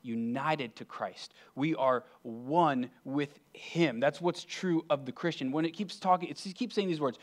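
A man preaching a sermon as pastor, earnest, swinging between emphatic and hushed delivery. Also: a little high, a little slow, hardly any pauses.

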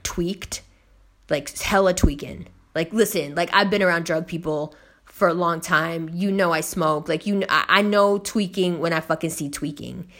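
A woman's voice: medium pitch, a bit bright. Profane, fired-up woman ranting. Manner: profane, emphatic, slangy. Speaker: host. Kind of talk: casual storytelling rant.

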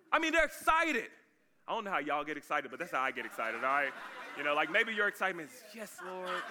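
An energetic pastor preaching a lively sermon in a high, strikingly bright voice. He talks casually and keeps calling out to his congregation to stay with him.

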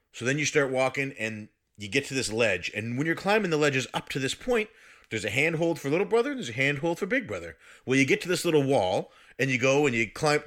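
A man telling a story to friends in casual chat, animated, swearing and laughing as he goes. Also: mid-range voice.

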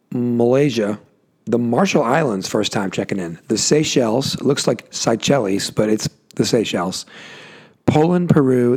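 Solo podcast host, male, gravelly and husky, worn-out voice, rambling and chatty. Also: mid-range voice, darkish tone. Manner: rambling, self-interrupting, joking asides. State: tired, voice worn out. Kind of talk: casual solo podcast monologue. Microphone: adjusting a desk mic himself.

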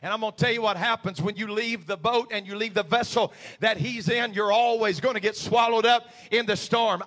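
A male pastor preaching a sermon, swinging from quiet confiding talk to shouted, impassioned preaching. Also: very high voice.

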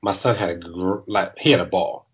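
Husky low-voiced man, laid-back storyteller. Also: moderate pace, muffled recording. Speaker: podcast co-host. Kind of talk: casual chat.

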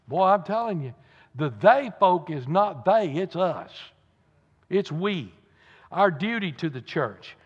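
A man's voice: a little high, big pitch swings, slow, breathy edge. Man preaching in an echoey church. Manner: earnest, emphatic preaching with folksy asides. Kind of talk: sermon. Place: church sanctuary. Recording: muffled church recording with long reverb.

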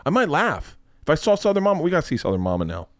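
A man's voice: a little high, huge pitch swings, very fast, over a noisy crowd. A man hosting his own podcast, chatting casually and rambling, swearing often and laughing. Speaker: podcast host. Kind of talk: casual chat.

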